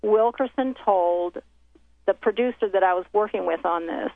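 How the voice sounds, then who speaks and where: Through a thin, tinny phone connection with dry, echo-free audio, a woman tells a story from her documentary work at a moderate pace. Her voice is medium-pitched, and in casual conversation she animatedly acts out the people she quotes, with many exchanges and restarts.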